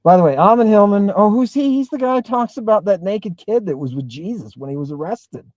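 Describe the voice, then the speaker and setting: A man's voice: sits high, lively intonation, a little fast, a little mellow, no room sound, dull audio. A man hosting a livestream, talking emphatically and in a rambling way, reading and answering viewer comments. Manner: emphatic, rambling, keeps asking "right?". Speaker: host. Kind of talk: livestream talk with chat.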